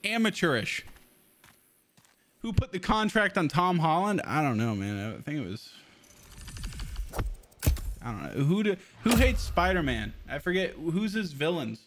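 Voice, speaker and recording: Excitable man streaming a game. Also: on the high side, unhurried, pauses often. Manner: excitable, swears a lot, laughs often. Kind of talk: casual gameplay commentary.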